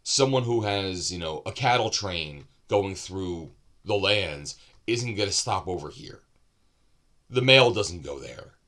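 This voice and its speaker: A man's voice: low voice, animated, slow pace, bright, forceful tone. A man giving a casual, unscripted book review, loose and rambling with asides and self-corrections.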